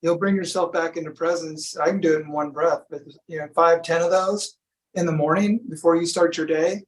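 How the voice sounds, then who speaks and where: A man guest in a relaxed interview, talking about breath work in a laid-back, storytelling way. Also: a little high, poor audio. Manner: laid-back, storytelling, says "you know" often. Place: from Sacramento.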